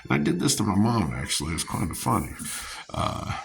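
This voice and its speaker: A man's voice: fairly low pitch, sing-song, fairly quick, creaky. A man vlogging, telling a rambling personal story with chuckles, fillers and restarts.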